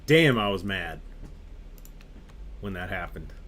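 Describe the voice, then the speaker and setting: Male game streamer, low-pitched, animated casual rant to his viewers, swears freely. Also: takes it slowly. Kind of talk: casual chat with live viewers.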